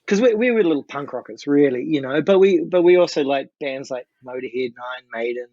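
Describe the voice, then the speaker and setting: Middle-aged New Zealand man, lively raconteur, slightly high voice, dry dull lo-fi recording. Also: fast, dry recording. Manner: lively, animated storytelling with swearing. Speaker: guest musician. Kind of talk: casual storytelling.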